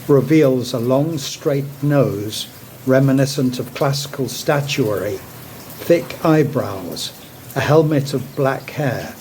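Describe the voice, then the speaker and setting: A man giving a slow, measured reading of a literary short story. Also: mid-range voice, darkish tone, slight background noise, low-quality recording. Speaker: narrator.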